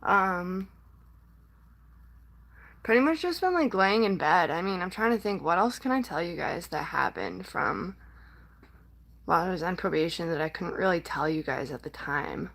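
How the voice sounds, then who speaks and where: A woman's voice: on the low side, expressive, vocal fry, fairly bright tone, low-quality recording. A young woman vlogger talking casually to her viewers, rambling with many fillers and sometimes close to tears. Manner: rambling, halting, full of "like" and "um"; emotional, near tears at times. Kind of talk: casual personal talk to camera.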